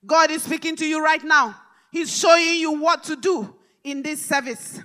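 A woman preacher delivering a live church sermon, fervent and repetitive, rising to shouted declarations. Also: high-pitched, moderate pace. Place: large church hall service.

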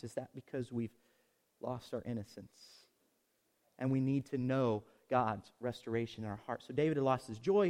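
A man preaching a sermon, swinging from loud emphatic peaks to soft low asides and leading the congregation in call-and-response. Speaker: pastor. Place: outdoors.

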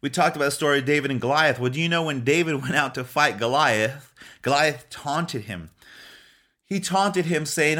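A man's voice: fairly high pitch, animated, moderate pace, bright, forceful tone. A man preaching a sermon with emphatic, urgent delivery, often restarting and repeating phrases. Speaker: pastor.

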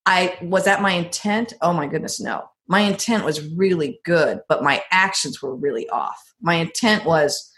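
A middle-aged woman in a casual advice conversation, telling personal stories and acting out quoted lines with lively jumps in pitch. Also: normal speed, hardly any pauses. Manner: animated storyteller, acts out quotes with big pitch jumps.

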